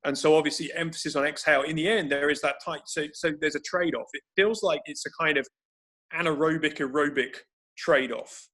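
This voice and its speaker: A man on a video call, coaching breathing for grappling. His voice sits a bit high for a man. He explains in an instructive way and restarts his sentences often as he thinks aloud. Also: fairly even intonation, brisk, pushed and bright. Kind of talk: explanatory conversation.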